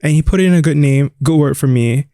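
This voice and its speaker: A man's voice: a little high, fairly quick, dark tone, no room sound, clean studio sound. A man in his thirties from Singapore, a radio DJ talking openly and reflectively about himself in an interview, with some self-deprecating humor. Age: 30s. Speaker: radio DJ and guest. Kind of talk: candid interview conversation.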